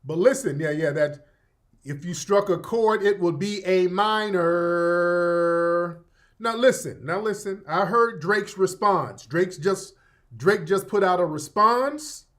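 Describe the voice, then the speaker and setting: A middle-aged man with a noticeably high speaking voice hosts a relaxed commentary show. He talks loosely and conversationally, turning often to address his audience directly. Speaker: online radio host. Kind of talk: casual commentary livestream.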